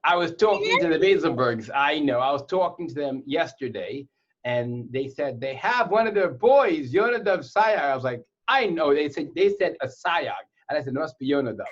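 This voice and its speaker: A man's voice: fairly high pitch, lively intonation, normal speed. A man teaching a casual online Torah class to boys, telling jokes and stories in a playful way. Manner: playful joke-telling storyteller. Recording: dull lo-fi sound.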